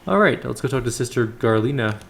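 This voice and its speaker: A man's voice: mid-range voice, fairly quick, gravelly, slight background noise. A man hosting a let's play, giving casual, offhand commentary on a role-playing game. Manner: relaxed, offhand asides.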